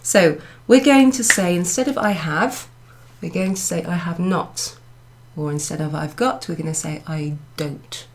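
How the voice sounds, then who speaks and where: A woman teacher slowly taking beginners through a French lesson, repeating phrases patiently and often pausing with ums. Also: lowish voice, noisy background. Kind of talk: recorded class summary lesson. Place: classroom in a pub venue.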